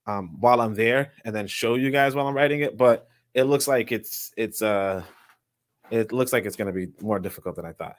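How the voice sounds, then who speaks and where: A man hosting his channel, reading a book aloud in a halting, self-correcting way and breaking off for chatty asides. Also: mid-range voice, no room sound, studio quality. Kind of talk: casual live reading with asides.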